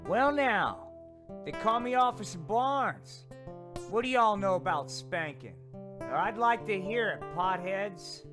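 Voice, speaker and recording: A man voicing a loud, brash police officer puppet with a drawling, shouting manner. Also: high-pitched, expressive, slow pace, over music, pitched above the performer's own voice.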